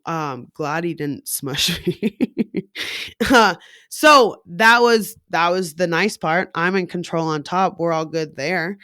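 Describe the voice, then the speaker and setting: A woman in her thirties tells her own story in a frank, profane way, leaning on "like" and "you know". Her delivery is slow and unhurried. The sound is dry and close, with no room echo. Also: fairly low pitch. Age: 30s. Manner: frank and profane, filler-heavy with lots of "like". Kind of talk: candid personal story.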